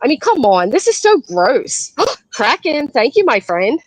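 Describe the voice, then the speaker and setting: A woman's voice: sits high, sing-song, unhurried, dry recording, low-quality recording. A woman hosting a reaction commentary show, ranting bluntly and scolding with lots of profanity. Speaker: commentary host.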